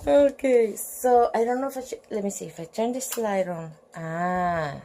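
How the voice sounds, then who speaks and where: A woman's voice: mid-range voice, moderate pace, mellow. A woman reading a children's storybook aloud at home at night, giggling and breaking off with chatty asides.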